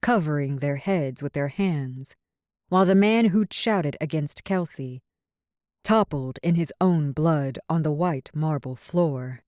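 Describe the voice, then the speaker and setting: A woman narrates a fantasy romance audiobook at an unhurried pace. Her voice sits low and she tells the story in a measured, even way. The studio sound is dry and close. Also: no echo.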